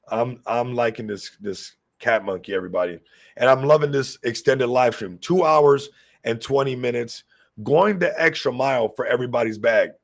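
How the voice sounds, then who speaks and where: A man hosting a casual crypto livestream, excitable and hyped, constantly talking to his viewers while a little sick. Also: mid-range voice, creaky.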